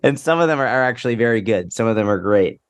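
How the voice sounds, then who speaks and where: A man's voice: medium pitch, expressive, fast talker, clear, resonant tone, faint music behind. A young man co-hosting a fitness podcast in casual chat, laid-back, cursing offhandedly and restarting his sentences. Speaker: podcast co-host.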